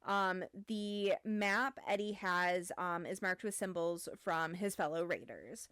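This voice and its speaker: A woman's voice: lowish voice, slow, a bit bright, clean tone, no room sound, studio quality. A woman hosting a casual book club podcast, summarizing a novel in a chatty way with lots of ums and likes. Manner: chatty, many "um"s and "like"s.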